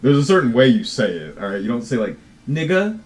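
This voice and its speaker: A game developer chats casually on a livestream while he codes, swearing, laughing easily and often restarting his words. He has a mid-range voice with lively intonation and talks fast.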